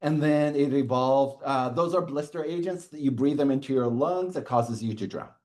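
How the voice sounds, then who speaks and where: A middle-aged man giving a university lecture in a classroom, animated and chuckling, often checking in with "okay". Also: mid-range voice, brisk.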